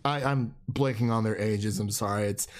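A man's voice: on the low side, normal speed. Casual American male podcast host, talkative, self-interrupting, easy laugh. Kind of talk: casual movie review chat.

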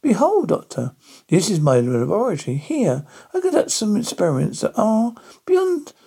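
A man's voice: high-pitched, huge pitch swings, moderate pace, vocal fry, dark tone, slightly rough, voice pushed up, full character voice. A man voicing a menacing vampire count with a thick Eastern European accent, in an amateur audio story.

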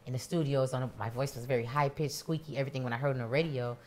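A woman from Miami talking in a casual interview as the guest, an animated storyteller. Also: very deep voice, rapid-fire, a little hiss or hum. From Miami, USA. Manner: animated storyteller, acts out quoted voices.

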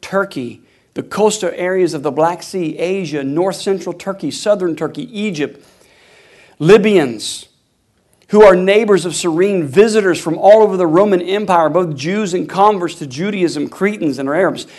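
A man preaching a sermon in a high voice. He shifts between quick talk and loud, drawn-out calls, and asks the congregation to answer him. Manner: preaching with sudden loud bursts; call-and-response with the congregation. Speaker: pastor.

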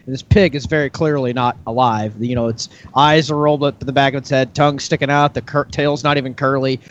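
A man co-hosting a podcast, telling a drawn-out joke in casual chat and acting out the characters. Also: medium pitch, fairly even intonation, muffled recording. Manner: drawn-out storyteller, acts out characters. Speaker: podcast co-host.

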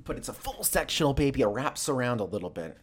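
A man's voice: mid-range voice, fast talker, husky. A man ranting casually and comedically, rambling and swearing as he tells stories. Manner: rambling, profane, animated storytelling.

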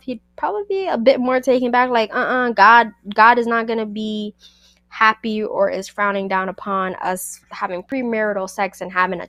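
A woman hosting a book review podcast in a sassy, animated, casual way, talking back to the characters. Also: medium pitch, no echo.

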